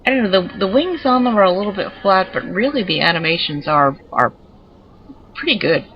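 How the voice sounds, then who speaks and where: A woman's voice: medium pitch, animated, a little fast, lo-fi sound. A woman giving chatty, digressive commentary while showing off her pets in a video game. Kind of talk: casual gameplay commentary.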